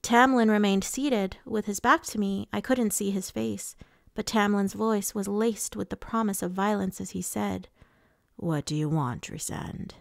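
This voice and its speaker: A woman narrating a novel in the first person, in a measured reading voice. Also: medium pitch, fairly even intonation, creaky, dry recording, studio quality. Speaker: audiobook reader.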